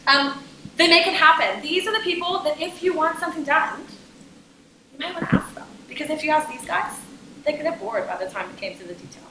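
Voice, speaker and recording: A young adult woman giving a lively, jokey business workshop talk to a conference audience and asking them questions. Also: high-pitched, a little fast, reverberant, background noise. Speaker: conference speaker. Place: conference room.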